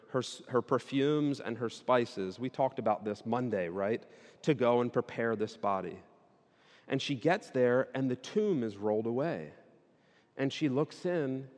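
Animated preacher man in a reverberant hall. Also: medium pitch. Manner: animated, builds to loud emphatic peaks. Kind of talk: sermon.

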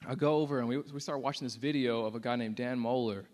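A man's voice: mid-range voice, steady tone, fast talker, darkish tone. A young man giving a casual, earnest testimony to a church audience, with many fillers. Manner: casual and earnest, many "like" fillers, acts out quotes with rising intensity. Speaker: speaker sharing a testimony.

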